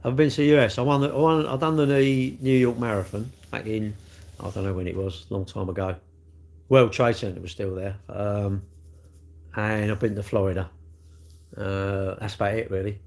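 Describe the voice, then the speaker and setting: A man's voice: fairly low pitch, fairly even intonation, normal speed, vocal fry, darkish tone. Middle-aged man chatting on stream. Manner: jokey, teasing banter with chat. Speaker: live streamer reading viewer comments. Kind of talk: casual live-stream chat.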